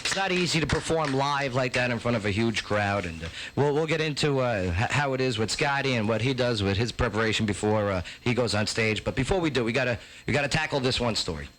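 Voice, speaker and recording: A man hosting a talk show, joking loudly through clip reactions and reading a news story with many fillers. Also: medium pitch, expressive, quick pace, few pauses, slight background noise, rough recording. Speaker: host. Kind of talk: casual chat, reacting to clips.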